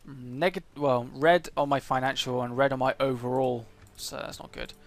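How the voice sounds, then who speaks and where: A man's voice: medium pitch, steady tone, normal speed. A man commenting on his own strategy game as he plays, thinking aloud with frequent hesitations and fillers. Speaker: let's play gamer.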